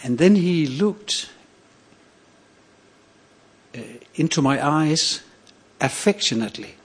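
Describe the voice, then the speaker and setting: An older man from Denmark, telling a personal story on stage in a measured, reflective way with pauses. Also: a little high, animated, breathy edge. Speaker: storyteller, priest.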